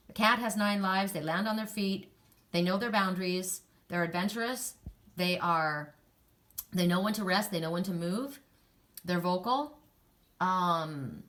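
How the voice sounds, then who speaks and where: A woman's voice: mid-range voice, fairly bright tone. An older woman giving a casual, rambling oracle card reading, with frequent restarts and laughter.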